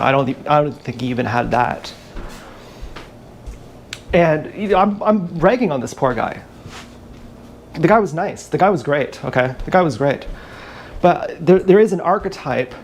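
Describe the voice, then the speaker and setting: A man's voice: a little high, slight background noise. A man streaming live, talking in a rambling comic monologue full of restarts and asides. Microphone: action camera.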